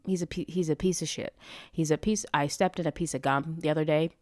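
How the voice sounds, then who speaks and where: A woman's voice: low voice, steady tone, brisk, dry recording, clean studio sound. A young woman hosting a podcast, reviewing a novel in a rambling, self-interrupting way with frequent swearing. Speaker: podcast host. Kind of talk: casual book review monologue.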